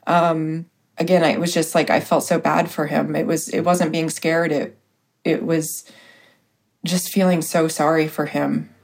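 Low-voiced woman telling a halting story. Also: flat delivery, darkish tone. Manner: hesitant, full of pauses and fillers. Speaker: guest. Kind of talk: casual storytelling.

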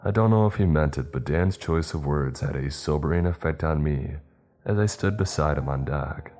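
A man narrating a scripted horror story in the first person, in a steady, even storytelling way. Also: a bass voice, normal speed, faint music behind.

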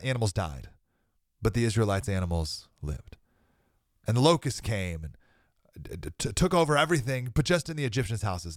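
A man's voice: mid-range voice, no echo, studio quality. A young man hosting a podcast, preaching earnestly and emphatically, laughing between points and sounding slightly sick with a cold. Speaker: podcast host. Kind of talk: preaching monologue.

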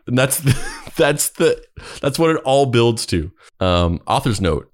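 A man's voice: medium pitch, expressive, measured pace. A man co-hosting a comedy podcast, reading a text aloud with wry, cringing commentary and frequent laughter. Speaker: podcast co-host.

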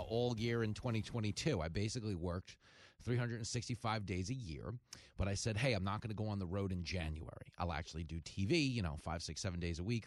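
A man hosting a talk radio show in a fast, jokey monologue, breaking into loud comic bursts. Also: fairly low pitch, no echo, clean studio sound.

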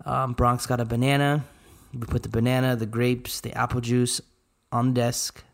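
A man in his thirties, co-hosting a podcast, telling a family story in a relaxed, matter-of-fact way with dry asides. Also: medium pitch, moderate pace. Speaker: podcast co-host. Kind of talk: casual storytelling.

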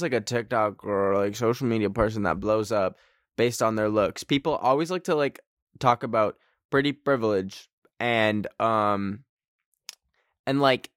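A man's voice: mid-range voice, fairly bright tone, no echo, clean studio sound. A man hosting a podcast in casual chat from a friend's room, rambling with lots of fillers and poking fun at himself. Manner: rambling, filler-heavy, self-mocking. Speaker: podcast host. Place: friend's darkened bedroom.

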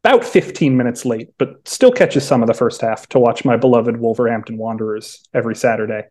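A man's voice: medium pitch, a little fast, darkish tone. A young adult man, a podcast guest, telling stories in casual chat with lots of restarts and acted-out quotes. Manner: chatty storyteller, frequent restarts and acted-out quotes. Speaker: podcast guest, sports beat writer.

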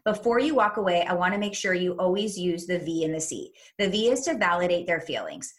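A woman parenting coach, a younger adult, giving advice in a chat and explaining things clearly step by step. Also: lowish voice, sing-song, a little fast, few pauses.

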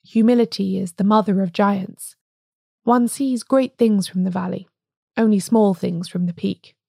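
A woman podcast host reading a story in measured, scripted narration. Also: mid-range voice, steady tone, vocal fry, dark tone, dry recording, clean studio sound.

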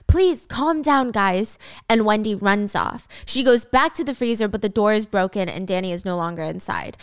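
A young woman hosting a casual show, recapping a drama with animated storytelling. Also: medium pitch, clear, resonant tone, no room sound, studio quality. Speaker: host.

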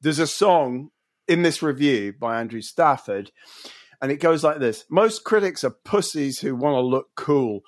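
A man's voice: mid-range voice, expressive, unhurried. A man hosting a podcast, chatting casually and laughing often. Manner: amused, rambling, laughs often. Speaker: podcast host.

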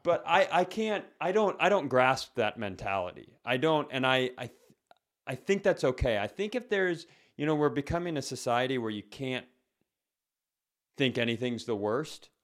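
A man's voice: mid-range voice, expressive, normal speed, fairly bright tone. A man co-hosting a comedy podcast, rambling in loose casual chat, stopping and restarting his sentences and swearing freely. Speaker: podcast co-host.

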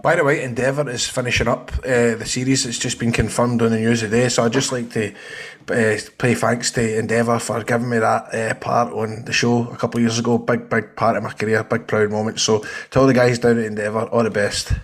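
A man's voice: medium pitch, little pitch movement, brisk. A man with a Scottish accent, co-hosting a casual football podcast, joking and teasing the others. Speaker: podcast co-host.

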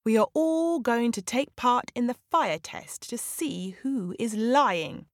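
A woman's voice: a little high, expressive, slow, dry recording, clean studio sound, voice pushed up. A woman voicing a proud, commanding male lion who growls his demands in a storybook tale.

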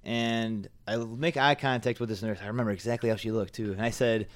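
A man telling a story on a talk show in a casual, animated, self-mocking way, often laughing at himself. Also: lowish voice, fairly quick, dry recording, studio quality. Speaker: podcast guest.

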